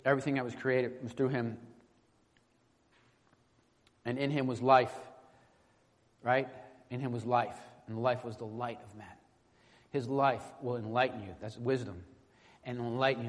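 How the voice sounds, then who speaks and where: A man preaches through a scripture passage in an easy, conversational way, stumbling over restarts and often asking his congregation "right?". His voice is mid-pitched. It rings out with a long reverb in a church sanctuary. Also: steady tone, normal speed, pauses often. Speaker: pastor. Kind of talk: expository sermon with scripture reading.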